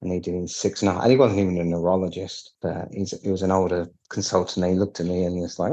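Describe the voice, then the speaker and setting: A man's voice: deep voice, fairly even intonation, fast, few pauses, dark tone. A British man, a piano technician, telling his story in a candid, wry interview, acting out the dialogue he quotes.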